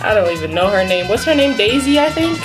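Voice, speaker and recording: A woman in a casual mukbang food vlog, speaking in an ordinary mid-range voice. She sounds playful and teasing as she coaxes a young child. Clear music plays behind her. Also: mid-range voice, very animated, fast talker. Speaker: mukbang channel host.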